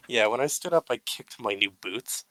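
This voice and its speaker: A man with a bright, forceful voice hosting a loose, unedited podcast. He swings between offhand swearing and overblown mock-heroic praise, and the sound is close and dry with almost no room. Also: medium pitch, dry recording, rough recording. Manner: mock-grandiose speeches, swearing, laughing at himself. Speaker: podcast co-host. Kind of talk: casual unedited chat.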